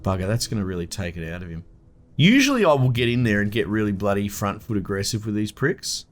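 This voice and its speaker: Man, Australian accent, deep voice, swears a lot, casual gameplay commentary. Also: big pitch swings, quick pace, slight background noise. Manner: swears freely, blunt and chatty, mutters to the game. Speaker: gameplay video host.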